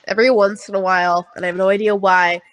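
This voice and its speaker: A woman's voice: mid-range voice, flat delivery, fast, no room sound. A woman telling a school story in casual chat, peppered with "like", acting out other people's voices. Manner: chatty, lots of "like", mimics hype voices.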